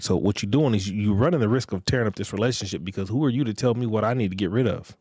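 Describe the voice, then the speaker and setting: A man's voice: fairly low pitch, brisk, mellow, no echo, clean studio sound. Blunt, profane man lecturing. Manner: repeats phrases for emphasis. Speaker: podcast host. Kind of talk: relationship advice monologue.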